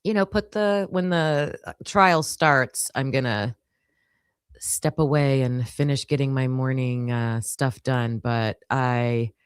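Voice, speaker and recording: A woman's voice: rumbling low, slow, clean tone, no room sound, clean studio sound. A woman hosting a casual livestream with a groggy morning voice, chatting to her viewers with lots of fillers. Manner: chatty, filler-heavy, talks to chat. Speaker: livestream host.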